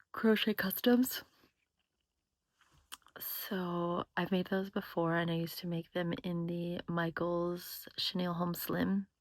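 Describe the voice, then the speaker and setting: A woman talks casually through her crochet vlog, rambling and poking fun at herself. Her voice sits a little low and she speaks slowly and unhurried. The recording is dry and close, with no room sound. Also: no echo. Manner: chatty, rambling, self-deprecating. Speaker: crochet vlogger. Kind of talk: casual chat.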